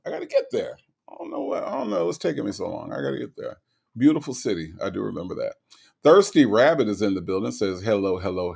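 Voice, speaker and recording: Animated man with a gravelly low voice. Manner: animated, greets viewers one by one. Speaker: livestream host. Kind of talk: casual livestream chat, reading comments.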